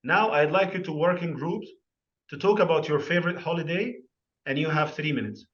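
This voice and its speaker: A man's voice: on the high side, fairly quick, fairly bright tone, dull audio. A man running an online teacher-training webinar, explaining terms through questions and examples. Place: video call.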